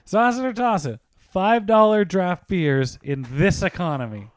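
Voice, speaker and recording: Male podcast host, slightly high voice, brisk prompts, dry close mic. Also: lively intonation, no echo. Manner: brisk quiz-style prompts. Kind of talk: casual podcast chat.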